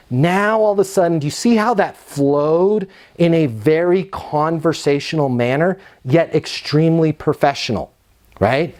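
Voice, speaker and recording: A middle-aged man giving an energetic, emphatic sales training talk, sometimes acting out both sides of phone calls. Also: fairly high pitch, a little slow. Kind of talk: instructional talk with role-played phone calls.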